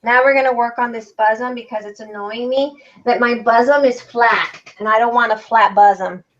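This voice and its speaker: A woman's voice: fairly high pitch, fairly even intonation, normal speed, a bit bright. A woman hosting a crafting livestream, chatting casually and reading out viewer comments while she works. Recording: dull lo-fi sound.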